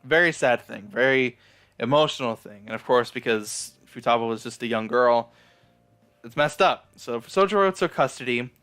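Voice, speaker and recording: A man's voice: mid-range voice, normal speed, fairly bright tone, clean tone. A man casually recapping an anime episode, rambling and swearing, with lots of fillers and restarts. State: feeling down and apologetic. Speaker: anime reviewer.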